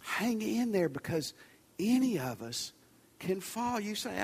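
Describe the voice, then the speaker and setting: A man with a high voice preaches in a conversational way to a large congregation. His urgent pleas sometimes sink to a soft near-whisper. The long reverb of a big church sanctuary hangs on every phrase. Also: sing-song, slow pace, creaky, slightly rough. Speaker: pastor. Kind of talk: sermon.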